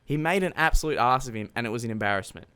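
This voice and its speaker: A man's voice: medium pitch, animated, racing, pushed and bright, slight background noise. A man giving a blunt, heated rant on his vlog, full of casual filler words. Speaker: YouTube commentator.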